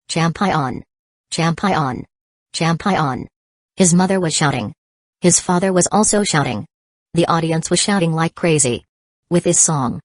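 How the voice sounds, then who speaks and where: A woman narrating an audiobook in a steady, even reading style. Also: lowish voice, dry recording. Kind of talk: scripted narration.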